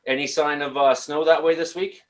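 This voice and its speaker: Halting Canadian man hosting a call-in show. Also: fairly high pitch, steady tone. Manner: halting, many fillers and restarts. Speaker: show host. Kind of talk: casual call-in chat.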